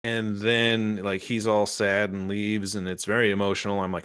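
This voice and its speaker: A man's voice: moderate pace, few pauses, clean tone, no room sound, studio quality. A young man on a podcast, recapping with emotion, swearing often and acting out quoted lines. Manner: excitable, swears often, acts out quotes in shifting pitch. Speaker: podcast co-host reviewing a show.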